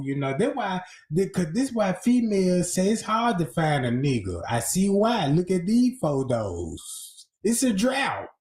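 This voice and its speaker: A man's voice: sits high, animated, a little mellow, roomy sound. A man hosting a livestream, giving crude, mocking, profane commentary. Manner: mocking, profane, drawn-out delivery. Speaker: livestream host.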